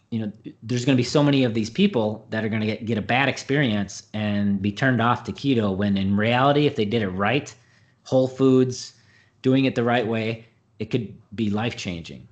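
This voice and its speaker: A man's voice: medium pitch, highs cut off. Rambling middle-aged man, diet coach. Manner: rambling, frequent fillers and restarts. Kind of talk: conversational interview answer.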